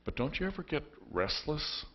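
A man's voice: on the high side, sing-song, normal speed, lo-fi sound, slight background noise, pitched above the performer's own voice. A man voicing James, a restless young fisherman who grumbles about his daily routine. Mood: fed up. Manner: grumbling, exasperated listing.

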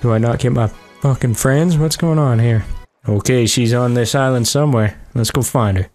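Hosting a let's play, a man keeps up a joking, foul-mouthed commentary over the game, reacting offhandedly to each moment. His middle-pitched voice has a darkish tone and moves at normal speed, with faint music behind him.

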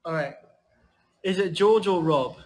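A man's voice: high-pitched, measured pace, a little mellow. A man hosting a casual livestream, chatting with his parents and thanking viewers. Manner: chatty, talks about his day to viewers and family. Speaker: livestream host. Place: home indoors, outside a restaurant. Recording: echoey room with music playing.

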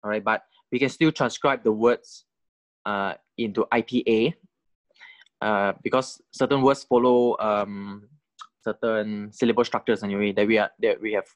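A man teaching a language lecture in a measured, deliberate way, often checking in with the listener. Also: fairly low pitch, no room sound. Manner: deliberate, keeps checking in with "right?" and "correct?". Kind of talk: recorded lecture.

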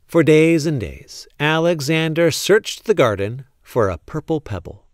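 An unhurried man with a fairly high pitch reads aloud from a children's picture book, full of storytelling expression. It's captured at studio quality with no echo.

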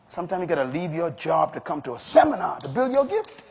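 A man's voice: on the high side, very animated, fast talker, gravelly, a little mellow, a little hiss or hum. A male pastor delivering an emphatic sermon to a congregation, rising to strong exclamations. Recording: long hall reverb.

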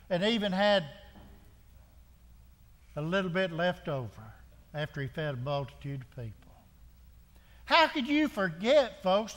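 A man's voice: high-pitched, fairly bright tone, long reverb tail. A man preaching a sermon as pastor, driving home his point with repeated rhetorical questions and frequent restarts. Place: church sanctuary.

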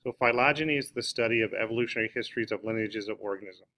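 A man's voice: on the low side, racing, bright, forceful tone. A man explaining biology in a recorded lesson, talking off the cuff with many fillers and restarts. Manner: unscripted explaining with frequent "uh" and restarts. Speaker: biology teacher. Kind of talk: recorded classroom lecture.

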